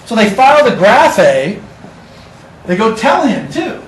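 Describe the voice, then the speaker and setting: Casual joking male lecturer, high voice. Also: very animated, takes it slowly, far from the mic. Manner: casual, joking, talks to students. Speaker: teacher. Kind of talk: classroom lecture. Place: classroom. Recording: echoey classroom recorded from afar.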